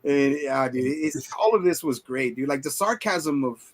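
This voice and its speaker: A man's voice: fairly high pitch, animated, normal speed. A man in his forties co-hosting a casual movie review chat, rambling and swearing as he retells scenes. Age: 40s. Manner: rambling, profane, retells scenes in quoted voices. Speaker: podcast co-host.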